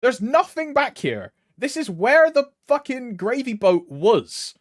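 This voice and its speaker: A man's voice: extremely high pitch, sing-song, takes it slowly, no echo. A game streamer chatting with sweary, laddish banter. His voice swings widely up and down as he talks. The sound is close and dry, with no room around it. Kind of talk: casual live stream chat.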